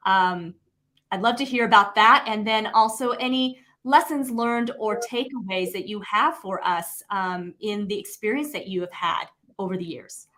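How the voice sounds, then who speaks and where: A woman's voice: mid-range voice, normal speed, bright, forceful tone. A woman hosting an interview, effusive and full of praise for her guest. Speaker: host.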